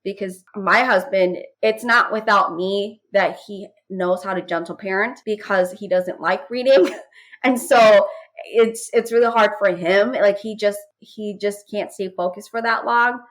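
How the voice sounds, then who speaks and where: A woman's voice: mid-range voice, measured pace, rough recording. Chatty woman telling stories on a podcast. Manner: animated storytelling, many "I was like" asides. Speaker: podcast guest, parenting course creator. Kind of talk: casual podcast conversation.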